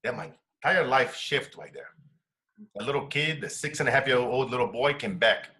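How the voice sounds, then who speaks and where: A man's voice: mid-range voice, moderate pace, pushed and bright. A middle-aged man from Brazil with a Brazilian Portuguese accent, a success coach telling a personal story in earnest, broken English.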